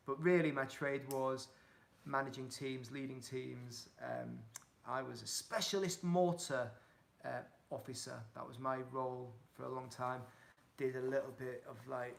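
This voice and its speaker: A man's voice: medium pitch, gravelly, fairly bright tone. A man in his thirties hosting a casual livestream, speaking candidly with rambling restarts while he reads viewer comments aloud. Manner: candid, rambling, laughs easily. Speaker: cycling travel vlogger hosting a livestream.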